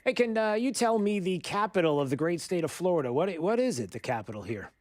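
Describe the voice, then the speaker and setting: Chatty radio host, dry studio sound. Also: male voice, high-pitched, sing-song, darkish tone, dry recording. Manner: chatty, halting with many fillers. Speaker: radio talk show host. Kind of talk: talk radio with caller quiz.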